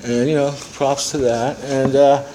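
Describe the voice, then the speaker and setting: A man's voice: medium pitch, little pitch movement, measured pace, warm tone, a little hiss or hum, rough recording. A man in his seventies giving a personal testimony to a recovery meeting, rambling through his story with profanity and self-mocking humor. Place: meeting room with a small audience.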